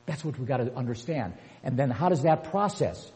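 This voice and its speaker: An older man preaching a sermon with emphasis, repeating key words and building to forceful peaks. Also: medium pitch, lively intonation, fairly quick, husky. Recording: long hall reverb.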